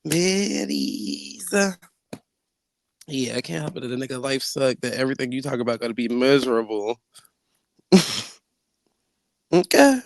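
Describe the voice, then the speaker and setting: A man chatting on a live online panel from home, brash and animated, laughing often and swearing freely. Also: mid-range voice, measured pace, vocal fry, long pauses, dry recording. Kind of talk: casual trash-talking chat.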